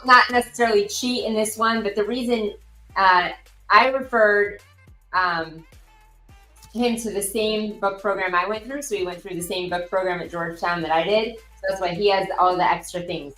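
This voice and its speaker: A woman, a podcast panelist, chatting in quick bursts about a game. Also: medium pitch, pushed and bright, soft background music. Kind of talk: casual podcast banter. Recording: roomy echo.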